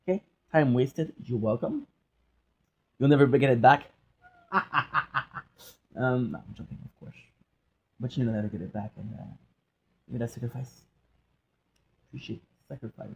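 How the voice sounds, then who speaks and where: Rambling joking man, dark lo-fi sound. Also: mid-range voice, moderate pace, creaky, long pauses, breathy edge. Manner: joking, self-interrupting, breaks into singing song lyrics. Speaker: gaming and movie vlogger. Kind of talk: rambling casual monologue with sung snippets.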